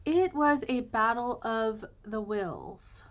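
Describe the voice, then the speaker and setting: Brief: American woman, journaling host, higher-pitched voice, chatty and wry storyteller. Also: lively intonation, takes it slowly. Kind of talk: casual storytime while journaling.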